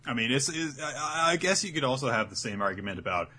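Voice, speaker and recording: Bright, husky low-voiced man chatting. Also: animated, fast. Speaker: podcast co-host. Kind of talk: casual podcast chat.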